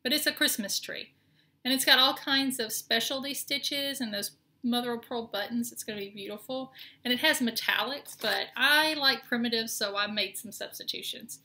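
A middle-aged woman speaks in a fairly high, sharp voice at a moderate pace, her Southern accent clear as she shows her cross-stitch pieces. It's a casual show-and-tell, rambling slightly and full of ums and restarts.

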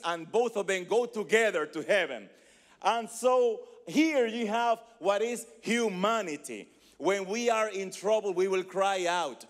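A pastor preaching in a large hall, his high, light voice ringing out with a long reverb tail. He is a man with who hammers points through repetition and rhetorical questions. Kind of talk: sermon.

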